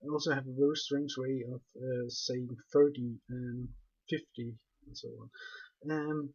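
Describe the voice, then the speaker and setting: A man's voice: medium pitch, steady tone, normal speed, husky. Man with a non-native English accent. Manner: methodical, step-by-step explaining. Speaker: game guide narrator. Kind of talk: commentated game walkthrough. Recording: dull lo-fi recording.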